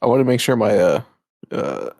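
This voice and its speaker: Gravelly-voiced man in rambling, profane chat. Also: on the low side, big pitch swings, moderate pace, a little mellow, dry recording. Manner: profane, rambling, trails off and restarts. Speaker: podcast co-host and editor. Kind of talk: casual podcast chat.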